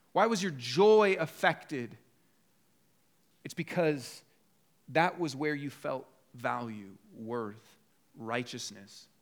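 A man's voice: medium pitch, creaky, fairly bright tone. A man preaching a conversational sermon as pastor, rising to emphatic bursts when voicing people's inner thoughts. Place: church.

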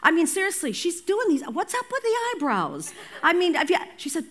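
An older woman pastor delivers a sermon with a notably high-pitched voice. She talks conversationally and with energy, mixing scripture with personal anecdotes and playful asides to the congregation. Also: fairly quick. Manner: animated, conversational preaching with storytelling asides.

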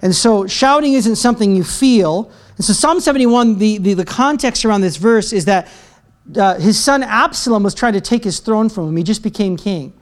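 A man preaching a sermon to a church congregation, energetic and joking, breaking into shouted praise. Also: high-pitched, moderate pace. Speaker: pastor. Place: church sanctuary.

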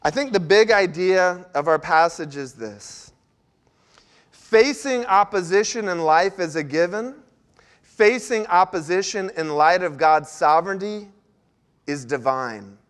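Male pastor, high bright voice, storytelling sermon with animated asides. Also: measured pace.

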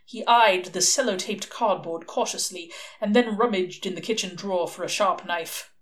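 A woman's voice: medium pitch, normal speed, slight background noise. A woman reading a novel aloud, telling the story expressively. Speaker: audiobook reader.

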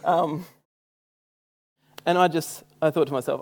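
A man's voice: on the high side, fairly even intonation, measured pace, gravelly. A young Australian man preaching a sermon in a casual, self-mocking storytelling way. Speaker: church speaker. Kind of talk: sermon with personal stories.

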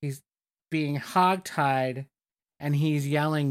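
In a casual podcast chat, the co-host tells stories with animation, acting out and quoting what people said. The voice is medium-pitched at a normal speed.

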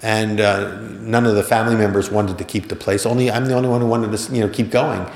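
A middle-aged man from Philadelphia tells a personal anecdote with a low, gravelly voice. He talks in a relaxed, conversational way and lifts his voice to act out what other people said. The sound carries a long, roomy hall reverb. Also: fast. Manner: conversational, acts out each person's lines with a lifted voice. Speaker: author telling a personal story.

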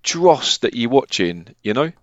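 A man's voice: mid-range voice, big pitch swings, a little slow, dry recording. A man in his thirties, chatting casually as a podcast co-host, rambling with lots of restarts and fillers. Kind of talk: casual chat. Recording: muffled dry sound.

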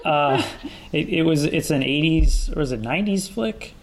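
Male podcast host, gravelly, slightly high-pitched, loose and rambling, noisy room. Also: animated, normal speed. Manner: laughs often, loose and rambling. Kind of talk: casual chat. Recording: background noise.

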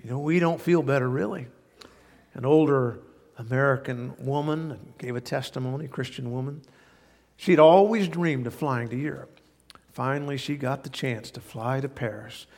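Gravelly man preaching in a reverberant hall. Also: medium pitch, moderate pace, a little mellow. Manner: earnest, repetitive emphasis with folksy anecdotes. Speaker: pastor. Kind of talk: sermon. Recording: long reverb of a large hall.

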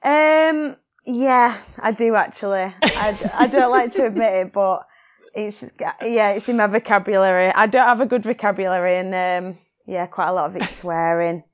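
A woman's voice: mid-range voice, steady tone, moderate pace. A woman answering interview questions candidly, hesitant and full of ums and yeahs. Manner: hesitant, candid, lots of um and yeah. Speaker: podcast guest.

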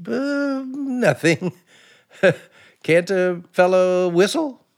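Jumpy sitcom husband, slow talker with wild pitch swings on old-time radio. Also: male voice, huge pitch swings, heavily acted. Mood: flustered. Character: fretful middle-class husband, jumpy and bumbling. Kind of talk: 1940s radio acting.

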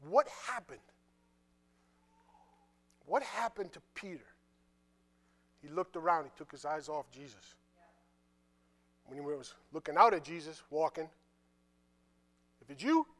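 A man preaching a sermon, reading scripture and retelling it in casual, conversational dialogue, with quiet asides in between. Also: a little high, unhurried, long pauses. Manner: animated, drops to quiet asides.

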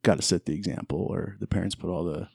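A man's voice: low voice, fast, creaky, a little mellow, breathy edge, no room sound, studio quality. A middle-aged man, the host's older brother, joking and teasing in a casual family chat. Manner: joking, teasing, laughs often.

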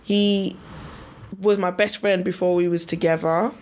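A woman's voice: on the low side, steady tone, unhurried, darkish tone, slight background noise. A woman in her twenties, co-hosting a podcast, chatting casually and reflectively, with some stops and restarts. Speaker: podcast co-host.

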